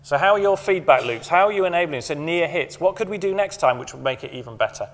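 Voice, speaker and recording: A middle-aged man giving a motivational conference talk, emphatic, repeating key phrases and slowing down to stress them. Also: fairly high pitch, lively intonation. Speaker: conference speaker. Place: conference hall. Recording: long hall reverb from a conference room.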